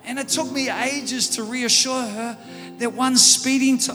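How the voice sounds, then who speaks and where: An Australian man preaching a sermon, telling stories and building up to loud, fervent preaching. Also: very high voice, fairly even intonation, a little slow, few pauses. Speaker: pastor. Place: church auditorium. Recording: church hall reverb with faint music.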